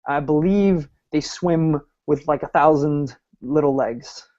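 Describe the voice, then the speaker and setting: A man's voice: on the high side, takes it slowly, warm tone, lo-fi sound. A man from Ireland, a guest on a podcast, chatting in a rambling, self-deprecating way with lots of fillers. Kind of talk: casual podcast chat.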